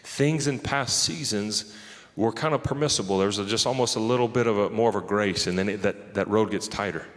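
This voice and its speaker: A man's voice: fairly low pitch, a little fast. A man preaching a sermon in a loose, conversational way, often laughing and talking straight to the crowd. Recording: long hall reverb.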